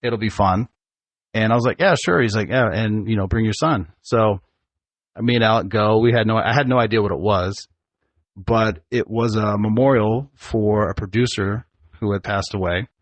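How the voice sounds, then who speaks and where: A man in his forties with a fairly low voice, chatting on his podcast. He tells long family stories in an easy, chatty way and laughs along. The sound is dry and close to the mic. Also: fairly even intonation, moderate pace, dry recording. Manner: chatty storyteller, laughs often. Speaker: podcast host, father. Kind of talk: casual family chat.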